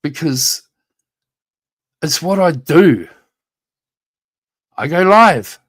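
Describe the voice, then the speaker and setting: A man's voice: on the high side, lively intonation, extremely slow, a bit bright. Guy going off on a live stream, mocking some rival, lots of swearing, keeps restarting his words. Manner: confrontational, taunting, profane; talks straight at a rival, repeats himself. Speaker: YouTube livestreamer. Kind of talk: livestream rant.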